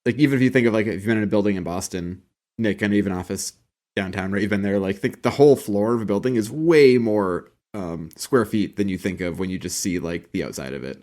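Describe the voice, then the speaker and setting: A man's voice: on the low side, quick pace, darkish tone. A man co-hosting a podcast, chatting casually and rambling about an old sitcom, swearing and laughing often. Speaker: podcast co-host. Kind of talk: casual chat about a TV show.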